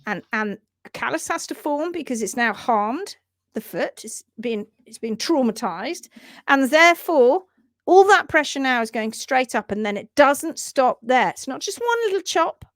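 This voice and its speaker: A woman's voice: sits high, unhurried, no room sound, studio quality. A woman hosting a livestream about hoof trimming, talking in emphatic, indignant bursts and reading out viewer comments. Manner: animated, emphatic, indignant rants.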